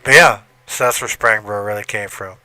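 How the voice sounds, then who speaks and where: A man's voice: fairly low pitch, a little fast, bright, forceful tone, no echo. A middle-aged man hosting a casual podcast, telling stories animatedly and swearing casually. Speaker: podcast host. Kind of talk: casual chat.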